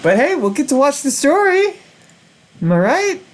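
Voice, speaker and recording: A man's voice: very high-pitched, sing-song, moderate pace. A man hosting a let's-play, talking in a frustrated, rambling way and swearing often. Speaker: gaming channel host. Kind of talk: casual let's-play commentary.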